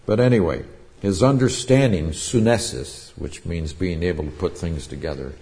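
A pastor teaching a sermon in a relaxed, conversational way, explaining Greek words from Scripture. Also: male voice, deep voice, moderate pace, creaky. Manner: conversational Bible teaching with Greek word studies.

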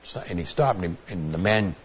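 Guy preaching a bible sermon, really low voice, earnest, lots of uh's, faint room sound behind. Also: expressive, fairly quick, slight background noise. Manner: earnest, plainspoken, with frequent fillers and restarts.

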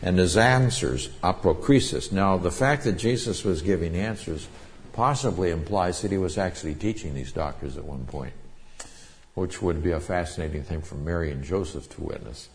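A man with a very low, deep voice preaches a sermon. He teaches in a loose, conversational way, stopping to explain Greek words from Scripture. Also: normal speed, a little hiss or hum. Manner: conversational Bible teaching with Greek word studies. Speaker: pastor.

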